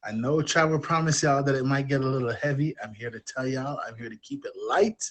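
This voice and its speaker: A man's voice: mid-range voice, fairly even intonation, a little fast, fairly bright tone. A man, a podcast guest speaking openly and in a rambling, self-deprecating way. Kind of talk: candid personal storytelling.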